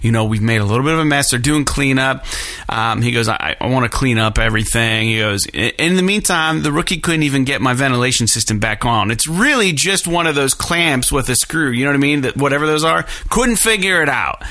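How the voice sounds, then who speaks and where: A man casually telling a long story in a profane, animated way, acting out the people he quotes. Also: mid-range voice, brisk.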